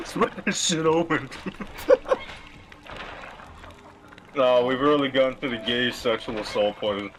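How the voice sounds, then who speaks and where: A man's voice: mid-range voice, takes it slowly, long pauses, fairly bright tone, rough recording. A man co-streaming a game, chatting casually and laughing along. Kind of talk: casual chat over gameplay.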